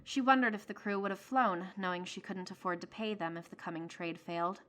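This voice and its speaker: A woman narrating a science fiction story in a measured, expressive reading voice. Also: medium pitch, slight background noise. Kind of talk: scripted audiobook narration.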